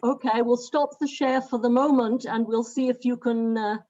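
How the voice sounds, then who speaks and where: A woman's voice: fairly high pitch, steady tone, dark tone. Woman hosting a muffled video call. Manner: halting, full of fillers while fixing settings. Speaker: event host. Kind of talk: online meeting moderation.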